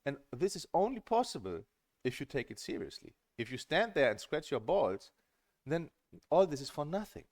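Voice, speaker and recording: A middle-aged man coaching on a stream in a casual, earnest and emphatic way, often repeating words when he gets excited. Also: a little high, normal speed, no echo. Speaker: table tennis coach and streamer.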